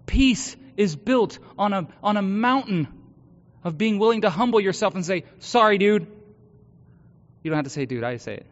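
Male pastor, high voice, earnest sermon delivery that drops to a hush then builds loud; dull recording in a reverberant hall. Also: lively intonation, a little fast. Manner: earnest, swings from hushed confession to loud exhortation.

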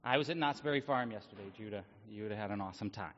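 A middle-aged man, a teacher, giving an earnest devotional talk to a congregation, his voice slightly hoarse, pausing often with ums. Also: lowish voice. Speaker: lay speaker and middle school teacher. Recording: dull lo-fi sound with long hall reverb.

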